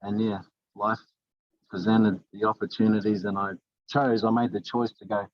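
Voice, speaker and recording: A man's voice: lowish voice, steady tone, a little fast, no echo, muffled recording. A middle-aged man from New Zealand with a New Zealand accent, a life coach talking earnestly in a casual interview, often restarting his sentences. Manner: earnest, rambling with many restarts.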